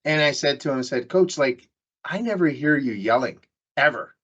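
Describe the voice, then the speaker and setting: A man's voice: mid-range voice, expressive, moderate pace, fairly bright tone, muffled recording. A man hosting a business podcast, telling stories in a loose, jokey way with many restarts. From Canada. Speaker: podcast host. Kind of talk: casual business interview chat.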